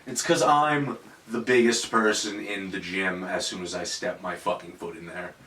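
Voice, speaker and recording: A man's voice: low voice, steady tone, moderate pace, bright, forceful tone, far from the mic. A man hosting a casual podcast, telling a story with lots of swearing. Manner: profane storytelling. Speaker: podcast host. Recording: echoey room, off-mic.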